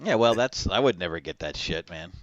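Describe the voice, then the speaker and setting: A man's voice: deep voice, expressive, brisk, fairly bright tone, no echo, muffled recording. A man in casual, profane chat, mostly listening and joking with his co-host. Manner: laid-back listener who jokes and laughs. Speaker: podcast co-host.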